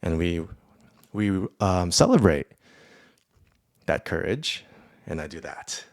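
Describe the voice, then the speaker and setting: A man with a low, deep voice hosts a casual solo podcast, rambling and cursing with bursts of excitement. The sound is dry and close, with no room echo. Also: slow, vocal fry. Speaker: podcast host.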